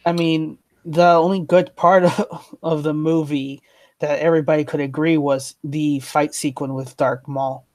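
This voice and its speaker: A man's voice: fairly high pitch, level tone, unhurried, a little mellow, no echo. A talkative man in a casual chat who argues his points at length. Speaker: co-host.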